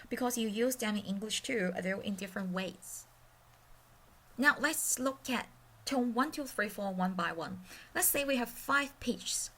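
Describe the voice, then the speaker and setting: A woman's voice: mid-range voice, a bit bright. A woman teaching an online lesson, patiently explaining and repeating example syllables. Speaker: language teacher.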